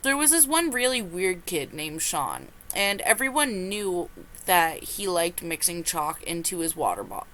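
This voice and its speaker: A young woman reading confessions aloud and reacting with loud exclamations and laughter. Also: fairly low pitch, unhurried. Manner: animated, exclaims and laughs between lines.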